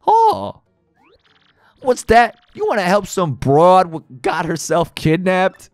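A man voicing a gruff, domineering mob boss in a video game playthrough, talking tough in a gangster manner. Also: high-pitched, wildly swooping pitch, slow, dry recording, clean studio sound, faint music behind, pitched above the performer's own voice, heavily acted. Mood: commanding. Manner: tough-guy gangster talk, clipped threats. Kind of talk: let's play voice acting.

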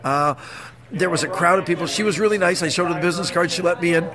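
A man's voice: high voice, fast, crowd noise. A Canadian man in his sixties, a magician guest chatting casually and laughing through his stories. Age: 60s. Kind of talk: casual storytelling.

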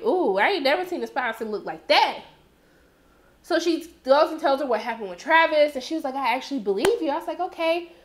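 Sassy high-voiced woman recapping a show. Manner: sassy, animated, acts out reactions in exaggerated voices. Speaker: TV recap host. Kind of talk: casual episode recap.

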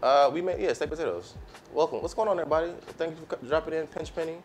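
A man's voice: on the high side, very fast. A man chatting casually with his live-stream audience while he cooks, in a laid-back, slangy way. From United States. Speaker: cooking streamer. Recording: faint music behind.

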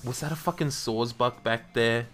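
A man streaming a game, talking casually to himself and viewers, swearing freely, laughing often and bursting into loud outrage. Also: mid-range voice, moderate pace, faint music behind. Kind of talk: casual gameplay commentary.

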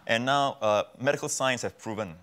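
A man's voice: medium pitch, normal speed, a bit bright, clean tone. A man from Singapore, preaching as a guest pastor on a TV talk show and repeating key phrases for emphasis.

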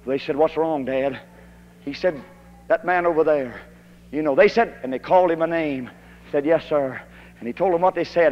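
A preacher from Kentucky, delivering a fiery old-time holiness sermon that rises to shouted emphasis. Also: male voice, a little high, normal speed. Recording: dull archival tape in a hall.

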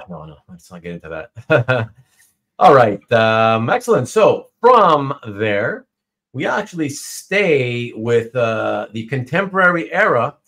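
A man hosting a casual video call chat about comic art, relaxed and explaining patiently. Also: mid-range voice. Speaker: show host.

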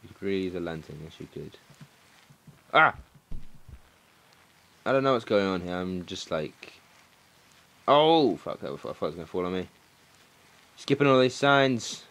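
A young man doing let's play commentary, excitable and swearing, shouting at the game. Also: deep voice, unhurried, long pauses. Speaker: gaming commentator.

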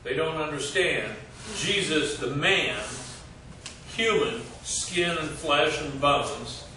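A man teaching a group Bible study in a church meeting room, halting with many fillers and quizzing his listeners. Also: on the high side, lively intonation, sharp tone, recorded from a distance. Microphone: distant room mic. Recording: echoey room recorded from afar, noisy.

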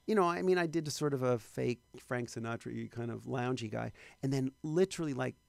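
A man's voice: medium pitch, brisk, vocal fry, no room sound. A man from New York, a guest actor animatedly telling show business stories and acting out other voices. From New York, Long Island. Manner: animated storyteller who acts out voices. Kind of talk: casual chat.

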